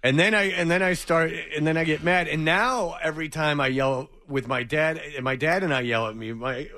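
A man with a slightly higher voice co-hosts a podcast. He tells wry family anecdotes in casual chat. The recording is dry and close. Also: moderate pace, pushed and bright, dry recording. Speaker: podcast co-host.

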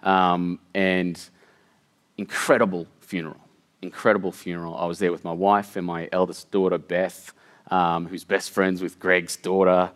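A man's voice: low voice, flat delivery, a little slow, smooth. A middle-aged man telling an emotional personal story, earnest and tumbling, with many fillers and restarts. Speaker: guest storyteller.

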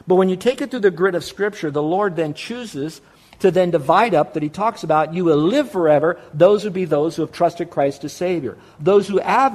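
A man preaching a sermon as a pastor, stressing key words through repetition and asking rhetorical questions that he answers himself. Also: a little high. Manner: emphatic, repeats key words, asks and answers his own questions.

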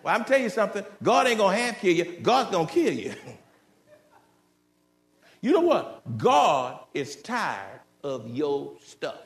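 A man preaches a fiery sermon, his high voice leaping up into shouts and then sinking into slow, heavy warnings. He talks straight at the congregation in a folksy way. The sound rings around a roomy church sanctuary. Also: big pitch swings, faint music behind. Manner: preaching with sudden shouted climbs and drops to low, slow warnings; folksy, direct address to the congregation. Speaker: pastor.

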